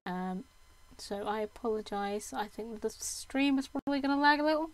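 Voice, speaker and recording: A woman's voice: fairly high pitch, normal speed. A young woman from the UK with a Southern English accent, chatting casually to her live-stream viewers and laughing often. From United Kingdom. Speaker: game streamer.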